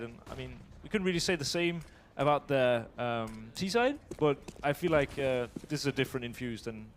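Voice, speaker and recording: A man's voice: mid-range voice, a little hiss or hum. Hesitant male esports analyst. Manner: hesitant, many fillers and restarts. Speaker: esports color commentator.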